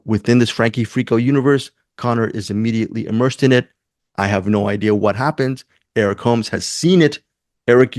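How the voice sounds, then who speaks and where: A male podcast host with an easygoing manner, keeping his prompts brief and joking lightly. His voice sits at a middling pitch, recorded dry and close. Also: a little mellow, dry recording. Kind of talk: casual chat.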